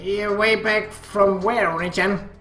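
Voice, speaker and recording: A man's voice: high voice, fairly even intonation, unhurried, pushed and bright, voice pushed up. Man doing a sing-song teen girl. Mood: playful. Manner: sing-song, ends lines with "you know". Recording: roomy with faint music.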